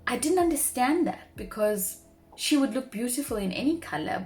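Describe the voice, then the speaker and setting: A woman's voice: mid-range voice, darkish tone. A young woman speaking earnestly to camera in a personal vlog, sharing heartfelt reflections. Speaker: vlogger; marketing professional.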